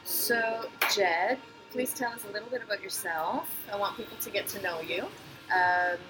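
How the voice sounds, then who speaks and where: A woman's voice: medium pitch, normal speed, loud music behind the voice, low-quality recording. Enthusiastic woman podcast host. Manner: warm, enthusiastic, laughs often. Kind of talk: casual interview. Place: cafe.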